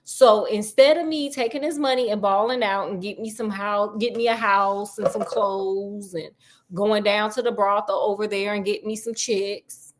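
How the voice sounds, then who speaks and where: A woman voicing a rough, grateful old male ex-convict who speaks in blunt slang, in a casually retold story. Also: medium pitch, natural voice. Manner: slangy, plain-spoken.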